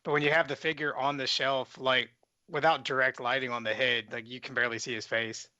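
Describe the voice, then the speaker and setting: A man's voice: medium pitch, flat delivery, brisk, pushed and bright, dry recording. A man co-hosting a podcast, chatting casually and joking about toy collecting. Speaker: podcast co-host. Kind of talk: casual chat. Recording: dull lo-fi podcast audio.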